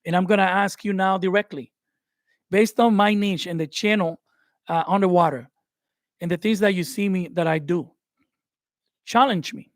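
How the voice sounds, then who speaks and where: A man with a young family giving casual, animated YouTube advice during a live stream from his home studio. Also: high voice, normal speed, pauses often, dry recording. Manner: animated, conversational, laughs often. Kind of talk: live-stream tutorial talk.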